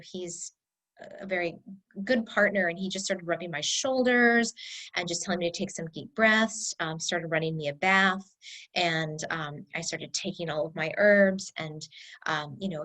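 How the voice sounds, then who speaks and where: A woman herbalist speaking in a casual talking-head video, telling a personal story in a chatty, halting way with many fillers and restarts. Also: fairly low pitch, a bit bright, low-quality recording. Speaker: herbalist teacher.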